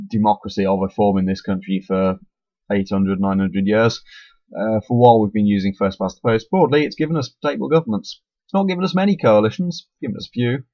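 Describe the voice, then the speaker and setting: A man's voice: lowish voice, a little mellow, no room sound. A young man talking casually into his webcam, rambling and self-deprecating, with lots of restarts and the hiccups. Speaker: YouTuber. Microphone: webcam mic. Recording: dull lo-fi webcam audio, dry.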